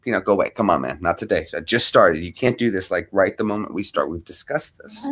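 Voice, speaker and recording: A man's voice: low voice, lively intonation, fast talker, a bit bright. A man hosting a casual livestream, greeting viewers by name and talking to his dog between topics. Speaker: livestream host.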